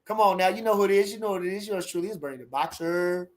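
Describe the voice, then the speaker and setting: A middle-aged man hosting a casual livestream, animated and repeating catchphrases as he chats. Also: high-pitched, fast talker. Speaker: livestream host.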